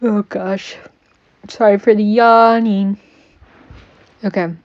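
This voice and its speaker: A woman's voice: mid-range voice, steady tone, slow pace, dull audio. A woman running a tabletop game on a stream who teases her players, laughs often and uses many fillers. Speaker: game master.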